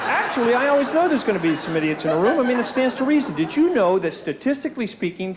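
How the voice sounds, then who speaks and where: Male stand-up comic, animated and self-mocking, high lively voice, old VHS recording with faint hiss. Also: rapid-fire, few pauses. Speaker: stand-up comedian. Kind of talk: stand-up comedy set. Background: audience laughter.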